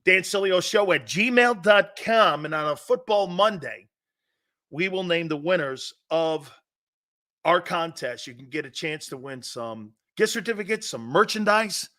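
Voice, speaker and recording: A man's voice: sits high, animated, measured pace, sharp tone. A man hosting a sports talk show, ranting in a sarcastic, mocking way. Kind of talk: opinionated sports talk rant.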